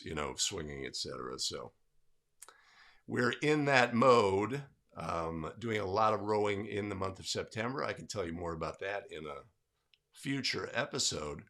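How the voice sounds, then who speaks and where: A man's voice: sits low, animated, unhurried, sharp tone. A man hosting a livestream in casual chat, upbeat and greeting viewers by name. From California. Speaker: livestream host.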